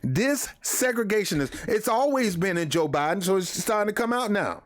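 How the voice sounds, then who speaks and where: A man's voice: high-pitched, lively intonation, normal speed. A man hosting his own show, ranting heatedly in casual, repetitive speech. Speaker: commentary host. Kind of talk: political rant to camera.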